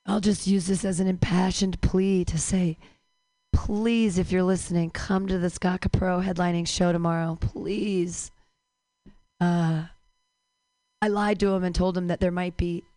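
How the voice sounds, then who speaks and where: Mellow low-voiced woman doing stand-up. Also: flat delivery, normal speed, no echo. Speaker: comedian. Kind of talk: stand-up comedy.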